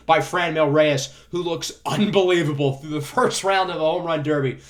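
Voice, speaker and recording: Excitable young man calling game highlights. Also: moderate pace, few pauses, faint music behind. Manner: excitable sportscaster calls, rising on big hits. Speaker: gaming YouTuber. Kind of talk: play-by-play commentary of a video game.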